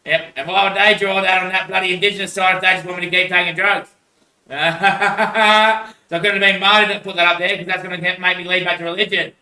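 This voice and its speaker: A man's voice: sits high, level tone, fast, bright, forceful tone. An Australian man in a rambling casual monologue, swearing a lot and laughing between phrases. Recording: echoey room, voice far from mic.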